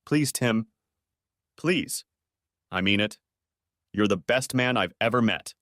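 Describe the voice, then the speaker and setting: A man's voice: on the low side, takes it slowly, fairly bright tone, no echo, clean studio sound. A man voicing a tearful young wife who pleads and insists after being caught cheating. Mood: pleading.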